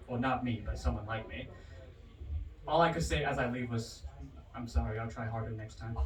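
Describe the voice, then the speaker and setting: A man doing a stand-up comedy set at a bar comedy night, animated and swinging his pitch hard for punchlines. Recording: roomy, distant bar recording with audience. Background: crowd laughter.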